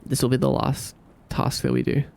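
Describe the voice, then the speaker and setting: A gravelly, medium-pitched man talks at a moderate pace while live-streaming himself coding a game. He's sleepy and relaxed, chatting casually with viewers, rambling, thinking aloud, and humming to himself.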